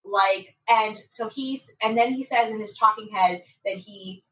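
Bright-voiced woman recapping a reality show. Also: mid-range voice, measured pace, recorded from a distance, poor audio. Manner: animated storytelling, acts out quotes, swears freely. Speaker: podcast co-host. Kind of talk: casual recap chat.

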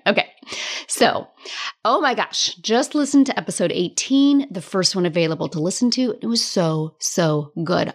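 A woman hosting a solo podcast as a business coach, talking in a chatty, candid way, laughing often and swearing now and then. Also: fairly low pitch. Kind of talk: casual solo podcast monologue.

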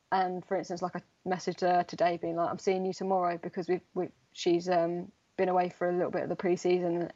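A woman's voice: lowish voice, warm tone, lo-fi sound. A young woman, a footballer, chatting casually in an interview, rambling with lots of fillers. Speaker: footballer guest.

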